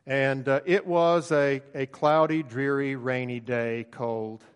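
A man's voice: medium pitch, takes it slowly, clean tone. Man preaching in a reverberant hall. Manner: relaxed storytelling with frequent fillers. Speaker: pastor. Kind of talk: sermon.

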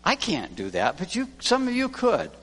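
A man who is a pastor preaching a sermon, swinging from loud emphasis to hushed lines. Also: high-pitched, huge pitch swings, moderate pace. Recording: long church reverb.

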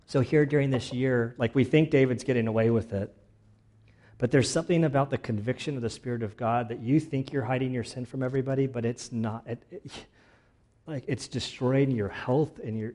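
Relaxed guy giving a chatty sermon, warm low-key tone, lots of "like". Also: normal speed. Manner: relaxed, chatty, many "like" fillers and restarts. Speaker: pastor. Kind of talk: casual conversational sermon.

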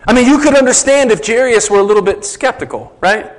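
A man's voice: extremely high pitch, animated, fast, low-quality recording. A man preaching a sermon as a pastor, conversational, asking the congregation rhetorical questions.

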